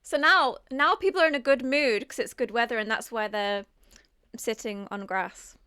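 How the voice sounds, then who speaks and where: A woman co-hosting a podcast in animated casual chat outdoors on a lawn, laughing easily. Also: a little high, moderate pace, clean tone. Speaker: podcast co-host.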